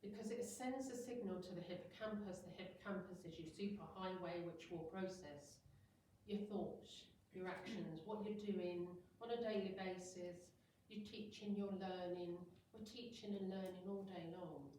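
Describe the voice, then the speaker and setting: A woman's voice: on the low side, fairly even intonation, normal speed, dark tone, a little hiss or hum. A middle-aged woman, a hypnotherapist, giving a chatty talk to a room of people and acting out little everyday scenes. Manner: chatty, acts out little scenes in quoted voices. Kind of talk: informal talk to an audience. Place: meeting room with an audience. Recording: very echoey room, voice far from mic.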